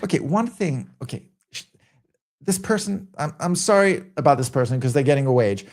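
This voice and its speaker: A man's voice: on the high side, animated, brisk, a little mellow. A man hosting a casual commentary stream, ranting in a rambling, exasperated way with many fillers. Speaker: stream host.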